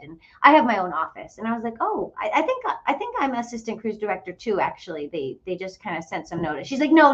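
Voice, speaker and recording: A woman's voice: on the high side, fairly bright tone, muffled recording. A woman casually telling a travel story to her followers, chatty and full of fillers and quoted dialogue. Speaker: host of a travel group channel.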